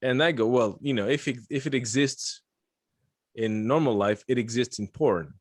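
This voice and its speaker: A man's voice: mid-range voice, normal speed, no room sound, studio quality. A man from Lithuania hosting a podcast, chatting casually and joking, rambling with frequent restarts. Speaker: podcast host. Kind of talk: casual chat.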